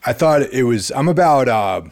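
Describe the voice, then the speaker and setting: A man chatting casually about movies, measured and hesitant with many fillers. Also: mid-range voice, animated, darkish tone, no room sound, studio quality. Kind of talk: casual chat.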